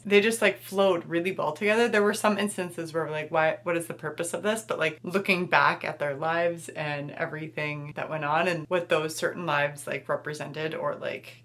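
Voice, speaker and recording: A woman's voice: fairly low pitch, a bit bright. A young woman talking casually in a reading vlog, gushing and laughing often as she chats about a book. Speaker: book vlogger.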